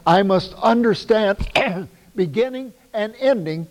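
Male preacher, fairly high voice, emphatic, rhetorical questions, long church reverb. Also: a little slow, a little mellow. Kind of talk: sermon.

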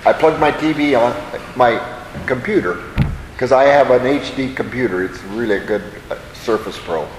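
A man's voice: medium pitch, normal speed, reverberant, in a large hall, a little hiss or hum, rough recording. A man teaching a Bible study in a conversational way, often putting questions to his audience.

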